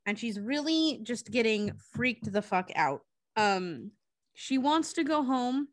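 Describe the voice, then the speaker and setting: A woman's voice: a little high, lively intonation, slow pace, no room sound. Casual swearing woman retelling a film. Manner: loose, swearing, filler-heavy.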